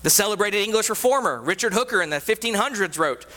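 A man preaching a sermon as a pastor, animated, with frequent rhetorical questions. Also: sits high, fast talker, few pauses. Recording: reverberant hall.

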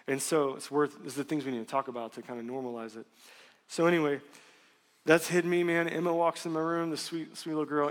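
A man in his thirties preaching a sermon, telling a personal story in a candid, conversational and animated way. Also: fairly high pitch. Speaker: pastor. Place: church sanctuary. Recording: long reverb of a church hall.

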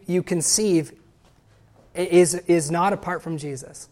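A woman's voice: fairly low pitch, slow pace. Emphatic woman preaching a sermon. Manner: emphatic, rising to loud exclamations; reads scripture and a hymn aloud.

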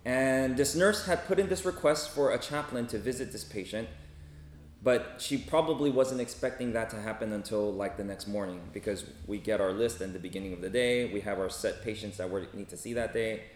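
A man with a fairly low voice tells a story from his work as a hospital chaplain, talking casually to a group. He keeps checking in with listeners with a quick "right?" or "okay?". The recording has a roomy echo and a faint hum of ambience behind him.

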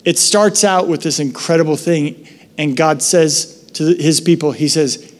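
High-voiced pastor preaching in a hall. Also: male voice, unhurried. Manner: conversational, animated storytelling. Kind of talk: sermon. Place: church sanctuary.

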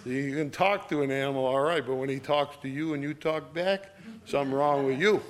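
Folksy preacher, mid-pitched man, homespun asides, reads verses louder and quicker. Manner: casual, homespun speech with asides like "all right?"; reads scripture louder and quicker than his comments.

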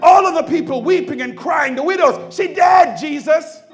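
A man preaching a sermon as pastor in a church, shouting and calling for responses from the congregation. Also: very high-pitched, normal speed, soft background music. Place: church sanctuary.

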